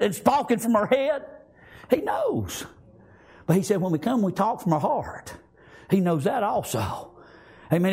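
A fervent preacher delivers his sermon in a strikingly high, husky voice. His pitch leaps up and down as he works through his message. He punctuates nearly every line with amens and praise Gods. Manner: fervent, repeats amen and praise God often.

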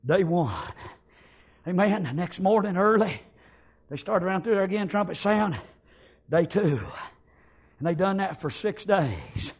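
A man preaching a sermon, acting out the story, shouting some lines and whispering others. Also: high voice, lively intonation, measured pace, pauses often, husky.

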